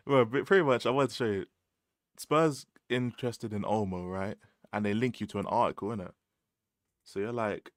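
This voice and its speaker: A young man with a London accent riffs on a livestream, slangy, laughing and repeating himself. His voice sits a little low, and the sound is close and dry with no room. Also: normal speed, no room sound. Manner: slangy and animated, laughs often, repeats phrases. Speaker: livestream host. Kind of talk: casual livestream chat about football.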